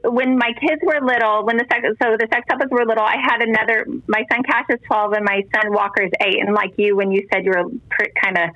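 Woman guest, 40s, earnest faith talker, bright voice over a dry, slightly lo-fi line. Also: fairly high pitch, fairly even intonation, fast talker, few pauses, no room sound. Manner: earnest, rambling with restarts, emphatic on faith. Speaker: guest, mother of ten. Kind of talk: casual faith interview talk.

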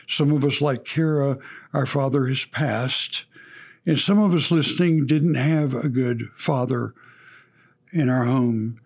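A man's voice: mid-range voice, a little mellow. A man with a Texas accent hosting a faith podcast, speaking earnestly in a preacherly way and quoting scripture. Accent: Texan. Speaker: podcast host. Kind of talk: devotional podcast talk.

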